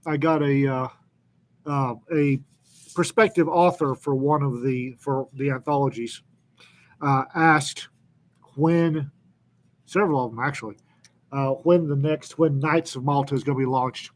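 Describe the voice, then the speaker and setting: A man co-hosting a casual live chat, making announcements with lots of pauses and ums, and joking about himself. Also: fairly high pitch. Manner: halting, many ums, self-deprecating. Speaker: co-host, anthology editor.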